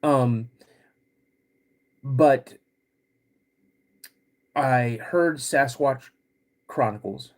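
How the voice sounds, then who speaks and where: A middle-aged man hosting a casual livestream, laid-back and rambling, clearing his throat often as he gets over a cold. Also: medium pitch. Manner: laid-back and rambling, greets chat viewers between stories. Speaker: podcast host.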